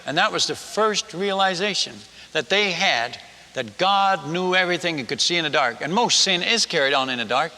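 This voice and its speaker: A man's voice: on the high side, lively intonation, normal speed, sharp tone. A man, a missionary preacher, tells a story in a sermon, acting out the dialogue and the sound effects. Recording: long reverb of a large hall.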